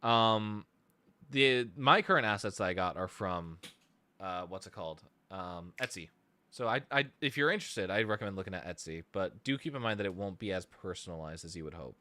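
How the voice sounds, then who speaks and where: Rambling low-voiced man streaming. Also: expressive, brisk, sharp tone. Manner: rambling, self-deprecating, thinks aloud while searching. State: sleep deprived. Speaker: streamer and musician. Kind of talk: casual live stream chat.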